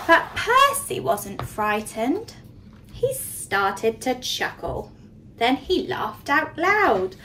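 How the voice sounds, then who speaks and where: A nursery teacher reading a storybook aloud to young children, expressive and pausing to ask questions. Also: female voice, high voice, distant mic, noisy background.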